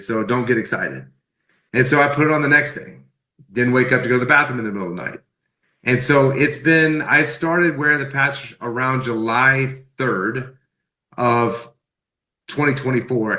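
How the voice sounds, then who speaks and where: A man's voice: medium pitch, reverberant. A man telling a personal story with lots of energy, acting out the dialogue as he goes. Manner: animated, acts out quoted dialogue. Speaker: speaker sharing a personal testimony.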